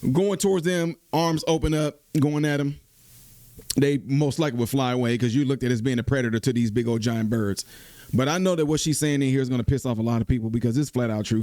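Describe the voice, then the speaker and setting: A man giving casual reaction commentary on a video clip, animated and talking back at it. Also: mid-range voice, no room sound, clean studio sound. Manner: animated, talks back at the clip with laughs and asides.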